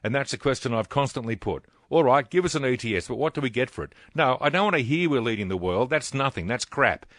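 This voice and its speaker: An Australian man hosting talk radio, blunt and indignant in his commentary. His voice sits at a middle pitch, recorded close and dry in the studio with no room sound. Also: lively intonation, fast, hardly any pauses, a bit bright, no room sound.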